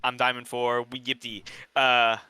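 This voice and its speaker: A man's voice: mid-range voice, monotone, normal speed, pushed and bright, clean tone, no room sound, rough recording. A man in his twenties chatting casually about his routine, rambling and trailing off. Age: 20s. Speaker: student player being coached. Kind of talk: casual chat.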